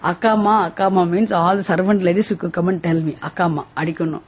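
Husky-voiced woman teaching scripture slowly. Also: fairly low pitch, steady tone, muffled recording. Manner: deliberate, repeats phrases, asks rhetorical questions. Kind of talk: slow scripture lesson.

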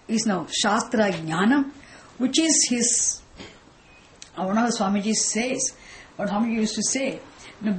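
Lady teaching a scripture class, kinda high voice, slow and asks lots of questions. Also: a little hiss or hum, poor audio. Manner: slow, explanatory, with repeated rhetorical questions. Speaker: Vedanta teacher.

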